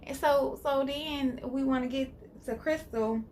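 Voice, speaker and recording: A woman's voice: sits high, unhurried, a little hiss or hum. A woman hosting her own channel, recapping a reality TV episode in a casual, opinionated way with lots of fillers. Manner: animated, opinionated, filler-heavy. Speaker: channel host.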